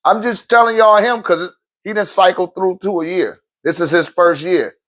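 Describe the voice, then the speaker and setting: High-pitched, emphatic, profane male speaker. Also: steady tone, moderate pace, a bit bright. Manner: profane, emphatic, laughs often; repeats words while restarting phrases. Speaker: spiritual teacher and event host. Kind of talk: casual motivational talk.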